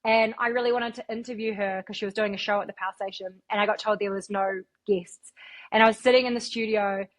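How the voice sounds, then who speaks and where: Telling stories as a guest in a casual interview, a woman radio broadcaster from New Zealand chats away and swears freely. Her voice is medium-pitched with fairly even intonation, and she talks at a quick pace.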